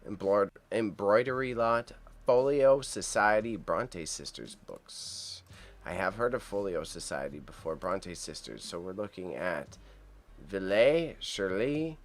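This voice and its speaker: A man whose voice sits low talks a little slowly. He's running a casual livestream, cheerfully chatting with viewers and reacting to auction items, stumbling as he reads their tricky names aloud.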